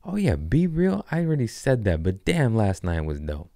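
A man of about forty, a comedian, hosts his own podcast in a deep, expressive, smooth voice at a moderate pace. He riffs loosely and jokingly in casual, profane chat, and the recording is studio quality with no echo.

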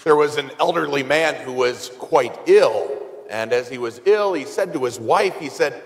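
A man's voice: mid-range voice, lively intonation, normal speed. A man, a parish priest, giving a conversational homily with wry humor and told stories. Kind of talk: sermon. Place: church. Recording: church with long reverb.

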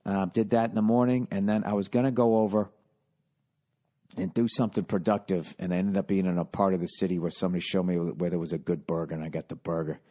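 A man in his forties from the United States, hosting a podcast and telling a comic story in a profane, exasperated way that often turns loud and excited. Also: deep voice, quick pace. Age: 40s. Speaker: podcast host.

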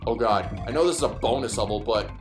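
Man, gameplay commentary, rambling, self-deprecating, echoey room, soft game music behind. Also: fairly low pitch, fast. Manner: rambling, self-deprecating, thinks aloud while playing. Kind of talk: let's play commentary.

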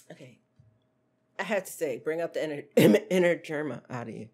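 A woman giving casual, excitable reaction commentary on stream clips, laughing often. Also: sits low, unhurried, slightly rough.

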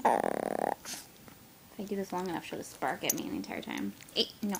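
A woman's voice: mid-range voice, wildly swooping pitch, a little slow, vocal fry, pauses often, slight background noise, poor audio. Woman cooing baby talk to her puppy. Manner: cooing sing-song with soft whispers. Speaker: pet owner filming her puppy.

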